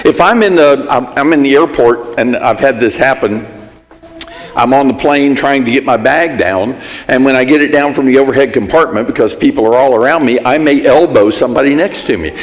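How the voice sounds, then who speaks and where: A man's voice: medium pitch, fairly quick, in a large hall. A man teaching a Sunday Bible class in a conversational way, working through everyday examples. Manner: conversational, gives everyday examples and acts out sample apologies. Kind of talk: church class lesson. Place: church hall.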